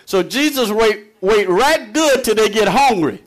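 Guy preaching, pretty high voice, folksy and chatty, chuckles a lot between points. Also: lively intonation, unhurried. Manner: reads scripture aloud then explains it. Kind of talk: conversational sermon.

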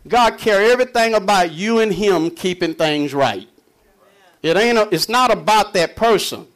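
High-voiced man preaching folksy sermon. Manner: folksy, chuckles often between points; reads scripture aloud then explains it. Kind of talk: conversational sermon.

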